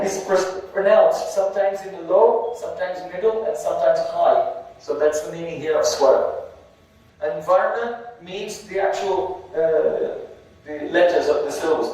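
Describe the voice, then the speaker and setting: A man's voice: on the high side, fairly even intonation, normal speed, darkish tone. A man giving a sermon, explaining Sanskrit verses word by word and chanting syllables. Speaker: spiritual teacher. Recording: very echoey hall, heard from a distance.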